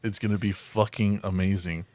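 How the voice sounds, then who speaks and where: A man's voice: lowish voice, fairly even intonation, moderate pace, crowd noise. A man co-hosting a podcast, hyping upcoming shows and teasing his guest in a loose, swearing banter. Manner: teasing, hyped, swears casually. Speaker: podcast co-host. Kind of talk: casual podcast chat.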